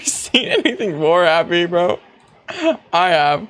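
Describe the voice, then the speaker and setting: A man streaming live, chatting casually, excitable and quick to gasp, squeal and swear. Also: sits high. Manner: excitable, gasping and squealing with laughter.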